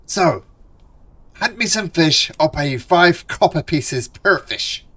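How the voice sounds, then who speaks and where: A man voicing a gruff, bossy male dwarf fisherman who barks orders at hired hands in a tabletop game. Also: a little high, animated, slow, pitched above the performer's own voice, heavily acted. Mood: insistent. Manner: shouting, barking orders.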